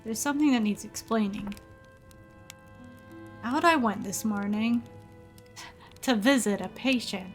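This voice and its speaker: A woman's voice: fairly high pitch, measured pace, pauses often, faint music behind, natural voice. A woman reading aloud the lines of an earnest young male medical student in a story game, in her own plain voice. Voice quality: plain reading voice, no put-on accent.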